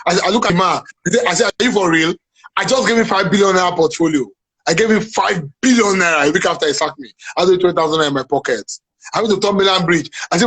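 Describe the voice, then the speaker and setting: Nigerian man guest, high husky voice, emphatic, preachy. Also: quick pace, a bit bright, rough recording. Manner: emphatic, preachy, repeats "are you getting me now". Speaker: guest, playwright and businessman. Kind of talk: animated interview chat.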